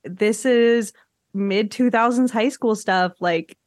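A woman hosting a podcast, chatting casually about a reality show, animated and often laughing. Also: takes it slowly, dry recording, clean studio sound. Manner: animated, laughs often, acts out quotes in high voices. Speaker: podcast host.

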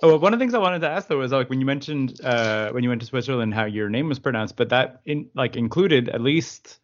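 A man's voice: mid-range voice, lively intonation, quick pace, lo-fi sound. A man hosting a podcast in casual chat, rambling through his questions and laughing often. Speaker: podcast host.

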